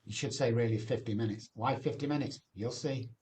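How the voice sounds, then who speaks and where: A man as a podcast guest, giving an animated testimony full of rhetorical questions. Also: medium pitch, a little fast, a crowd in the background.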